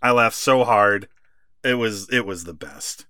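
A man co-hosting a wrestling podcast, chatting casually, laughing often and acting out quotes with animated bursts. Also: fairly low pitch, measured pace, clear, resonant tone, no echo, studio quality. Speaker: podcast co-host.

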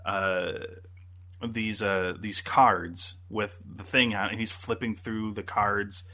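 Bright-voiced man rambling casually. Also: lowish voice, steady tone, slow. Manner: rambling, many fillers and restarts. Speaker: podcast co-host. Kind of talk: casual chat.

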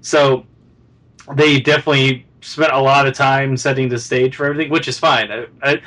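Bright-voiced man chatting about a movie. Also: medium pitch, fairly even intonation, low-quality recording. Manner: rambling, filler-heavy, quick asides. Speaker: podcast co-host reviewing a movie. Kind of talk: casual chat.

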